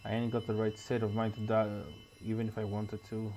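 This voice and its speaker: A man reading the lines of a drunk, scheming failed writer from the 1940s, muttering low, with a faint hiss behind. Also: completely flat delivery, a little fast, mellow, lightly acted. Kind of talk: reading game dialogue aloud.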